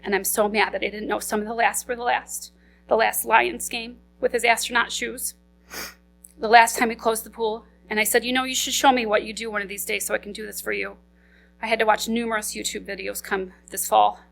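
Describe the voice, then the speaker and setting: A young woman reading a eulogy for her father at a memorial service, steady but holding back grief. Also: a little high, creaky, low-quality recording. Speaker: daughter giving a eulogy.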